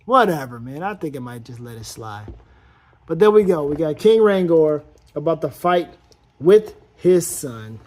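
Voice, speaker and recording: A man's voice: on the high side, very animated, a little slow, darkish tone. A man giving a casual toy review, rambling and playful as he thinks aloud while posing a figure.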